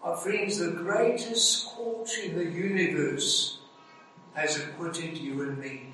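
Slow, echoey man preaching a sermon. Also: sits high, animated, fairly bright tone, a little hiss or hum. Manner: dramatic, rising to emphatic peaks with slow stressed phrases. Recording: echoey hall, heard from a distance.

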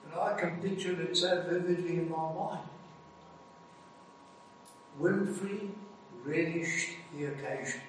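A man preaching a sermon. He builds to emphatic peaks and stresses phrases slowly. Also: on the high side, fairly even intonation, a little hiss or hum. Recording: echoey hall, heard from a distance.

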